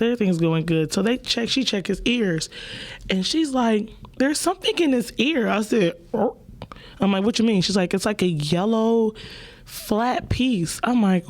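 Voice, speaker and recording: A woman, hosting a podcast and telling stories in a loose, profane, playful way. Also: fairly low pitch. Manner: animated storytelling, profane, playful. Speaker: podcast host. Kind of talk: casual chat.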